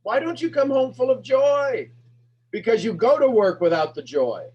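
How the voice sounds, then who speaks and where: A man coaching a sales master class, firing emphatic, repetitive questions at his audience and pushing his voice up toward a shout. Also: extremely high pitch, sing-song, normal speed, husky, highs cut off. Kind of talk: animated teaching talk to an online audience.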